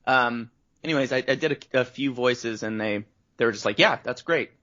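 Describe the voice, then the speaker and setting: A man from Canada tells rambling stories about his start as a voice actor, his voice sitting at an ordinary middle pitch. He slips into the voices of the people he quotes. The recording is dull and lo-fi. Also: fairly even intonation, fairly quick, fairly bright tone. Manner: rambling storyteller, acts out quotes. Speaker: guest voice actor. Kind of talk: casual interview chat. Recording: dull lo-fi audio.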